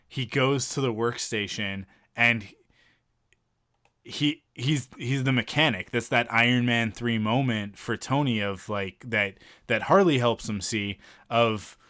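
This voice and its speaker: A man's voice: medium pitch, fairly bright tone, dry recording, clean studio sound. A man co-hosting a podcast, enthusiastically retelling a film scene in casual chat, often restarting his sentences. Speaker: podcast co-host reviewing a film.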